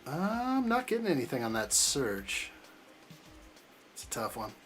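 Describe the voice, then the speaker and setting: A man of middle pitch hosts a relaxed live stream, tossing out jokes and playful teasing as he answers his chat. Faint music plays quietly behind him. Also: unhurried. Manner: joking, teasing banter while reading chat aloud. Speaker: live stream host building a model kit.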